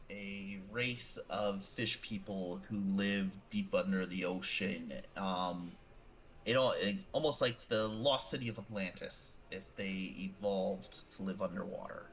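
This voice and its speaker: A man's voice: lowish voice, a bit bright, rough recording. A man narrating a tabletop horror game as game master, with loose, rambling description full of fillers.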